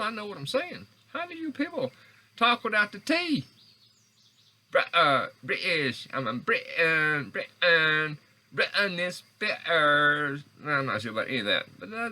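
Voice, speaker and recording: A man rambles into a small recorder, losing his thread and restarting over and over. His voice sits high and bright, leaping up and down as he talks. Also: rough recording. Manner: meandering, stammering, frequent restarts and self-corrections. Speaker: vlogger. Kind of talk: rambling monologue. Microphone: handheld recorder.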